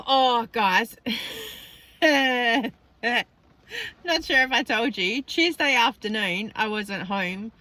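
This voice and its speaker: A woman's voice: on the high side, bright, forceful tone. A middle-aged Australian woman vlogging from her parked car, chatting casually and laughing often as she tells stories. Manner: chatty, laughs a lot while telling stories. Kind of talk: casual chat.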